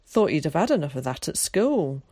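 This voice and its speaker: A woman reading aloud, voicing a blunt, scornful working-class village boy with rough dialect. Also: sits low, very animated, fairly quick, warm tone, no echo, clean studio sound.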